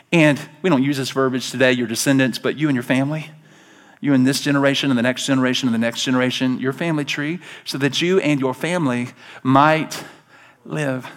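A man, a pastor, preaching a conversational sermon at a church service, moving from quiet asides to emphatic calls. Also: on the high side.

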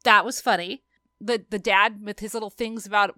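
Bright, crisp-voiced woman podcast co-host. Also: fairly even intonation, no echo. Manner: effusive, quick shifts in pitch, acts out quotes. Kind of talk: casual movie review chat.

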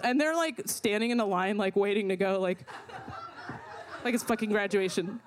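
A young woman telling a personal story in an animated way, full of fillers and swearing, often laughing as she talks. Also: on the high side, brisk, slight background noise. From not from America.

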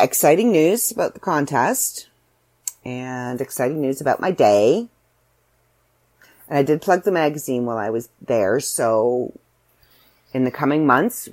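Chatty low-voiced Canadian woman. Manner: chatty, animated storytelling with voiced asides. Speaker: podcast host and author. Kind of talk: casual solo podcast monologue.

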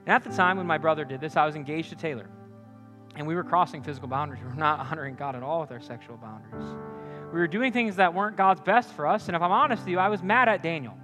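High-voiced young man preaching earnestly. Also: animated, fast talker, faint music behind. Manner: earnest, direct, shifts between loud punchy lines and quiet confiding ones. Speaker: campus ministry preacher. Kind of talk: sermon.

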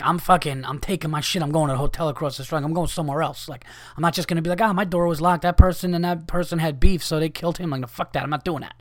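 A man hosting a podcast, telling a story in a loose, animated way, swearing often and acting out what other people said. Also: a little high, dry recording, clean studio sound. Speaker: comedian and podcast host. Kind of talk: casual storytelling monologue.

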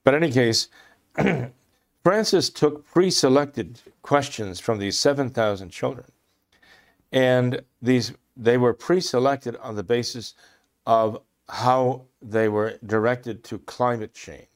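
A man speaks in impassioned commentary, hammering each point by repeating it. He clears his throat often between phrases. His voice sits at a middle pitch. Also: slow. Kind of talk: religious commentary discussion.

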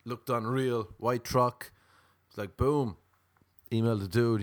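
A man from Ireland doing a crude, comedic monologue as a podcast host, storytelling with big animated swings. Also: mid-range voice, slow, dry recording.

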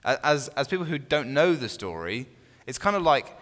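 Speaking at normal speed with a medium pitch, a man guides a small Bible study group in an informal, chatty way. He tends to restart phrases and ask his listeners questions, and long reverb fills the room.

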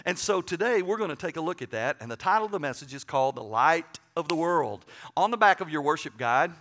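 A man's voice: fairly high pitch, animated, brisk, a bit bright. A man, preaching a sermon and telling a story, acting out the dialogue and often repeating words. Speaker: pastor.

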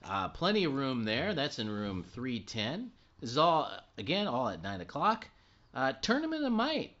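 A man co-hosting a podcast, reading event listings in an animated, chatty way and correcting himself as he goes. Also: mid-range voice. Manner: animated, quick to laugh, self-correcting. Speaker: podcast co-host. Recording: dull lo-fi sound.

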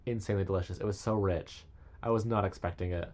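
A young man chatting casually as a podcast guest, an animated storyteller who acts out quotes. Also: low voice, fast talker. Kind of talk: casual chat.

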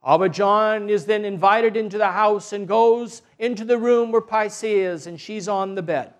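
A man telling a religious story in a slow, deliberate, gentle way. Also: high-pitched.

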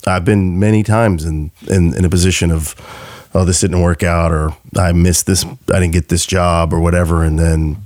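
A man's voice: low voice, steady tone, normal speed, a little mellow, no room sound. A man guesting as a cinematographer on a podcast in a studio, talking in an earnest, agreeable way and laughing often. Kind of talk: casual podcast conversation.

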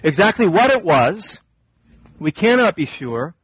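A man preaching a sermon, reading scripture and explaining it earnestly, his voice climbing and growing louder when he presses a point. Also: very animated, unhurried, husky, rough recording. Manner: earnest preaching, rises in pitch and volume when stressing a point. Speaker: pastor.

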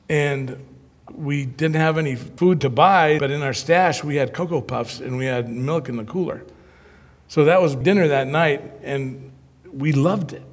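Male preacher, lively comic storyteller, slightly high voice, long hall reverb. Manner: animated, self-mocking storyteller. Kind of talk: humorous storytelling sermon.

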